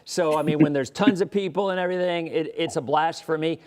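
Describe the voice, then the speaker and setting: A somewhat high-voiced American man hosting a laid-back chat show. He rambles through stories full of restarts, chuckling as he goes, the easy talk of a local weather presenter. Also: fairly quick, darkish tone. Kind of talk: casual interview chat.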